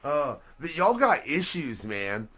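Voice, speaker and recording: A man's voice: on the high side, sing-song, slow, pushed and bright. A man co-hosting a talk radio show, loose, joking and profane in casual banter.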